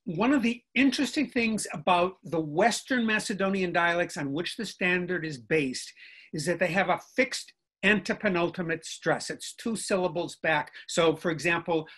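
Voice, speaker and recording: An older man, a guest linguistics professor, explaining in a lively, discursive way on a video call and often checking in with "right?". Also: high voice, normal speed.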